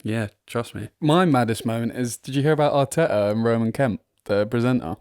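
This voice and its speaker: A man's voice: medium pitch, a little fast, darkish tone, clear, resonant tone, no echo, studio quality. A man from England co-hosting a football podcast, chatting casually and rambling with frequent laughs, recorded in his front room. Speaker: podcast co-host.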